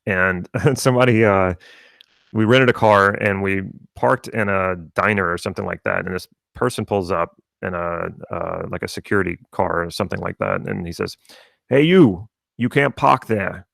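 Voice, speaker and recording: Low, gravelly-voiced man talking casually. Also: steady tone, normal speed, a bit bright, no room sound, clean studio sound. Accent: General American, from South Louisiana. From rural South Louisiana, USA. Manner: rambling, conversational, with many restarts. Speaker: NLP coach. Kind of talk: live stream talk.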